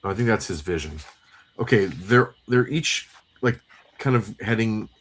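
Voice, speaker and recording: A man's voice: fairly low pitch, lively intonation, normal speed, fairly bright tone. A man co-hosting a casual comic read-through livestream, recapping the plot in a rambling way with many fillers. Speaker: co-host.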